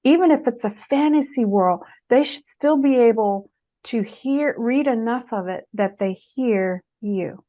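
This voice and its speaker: A woman's voice: on the high side, unhurried. A middle-aged woman, an author, giving writing advice in an interview and acting out quotes with a lifted voice. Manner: animated storyteller, acts out quotes in a raised voice. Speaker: author and guest speaker. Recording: muffled lo-fi audio.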